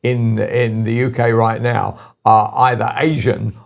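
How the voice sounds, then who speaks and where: Gravelly older Englishman hosting talk radio. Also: fairly low pitch, level tone, measured pace. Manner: rambling, anecdotal, emphatic. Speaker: show host.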